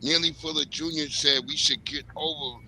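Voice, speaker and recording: A man's voice: on the high side, fairly even intonation, moderate pace, sharp tone, a little hiss or hum, poor audio. A man on a casual panel, ranting in a heated and blunt way.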